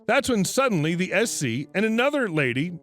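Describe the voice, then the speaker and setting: A man's voice: high voice, big pitch swings, brisk, fairly bright tone, faint music behind. A man reading a first-person story aloud as a scripted narration.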